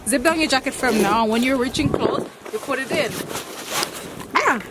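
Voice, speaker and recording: A woman's voice: high-pitched, moderate pace. A young woman chatting outdoors at a farm fair, teasing her friend and bossily urging her on. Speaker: friend of the vlogger. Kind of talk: casual chat. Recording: loud outdoor noise.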